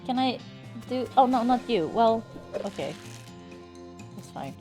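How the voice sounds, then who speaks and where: A young woman streams a game with faint music in the background, her voice a little high and her delivery a little slow. She chats with viewers in a casual, animated way, swearing freely and speaking directly to the chat.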